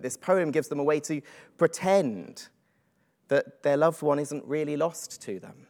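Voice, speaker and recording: A man's voice: a little high, lively intonation, a little slow, a little mellow. A man preaching a reflective, earnest sermon with frequent ums and uhs.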